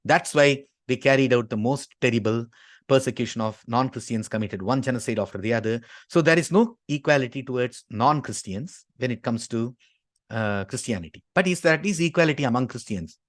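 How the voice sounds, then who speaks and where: A man delivers a forceful argumentative lecture, punctuating his points with a steady "okay." His voice sits at an ordinary middle pitch. The recording is dry and close, with no room sound. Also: fairly quick, dry recording. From Tamil Nadu, India. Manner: emphatic, constantly inserts "okay". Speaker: speaker at a talk.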